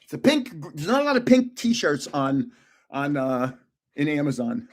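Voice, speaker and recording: An older man hosts a live stream and wanders from one story to another, chuckling as he goes. His voice sits a little high and swoops around a lot. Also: big pitch swings, moderate pace. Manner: rambling, jumps between stories, chuckles often.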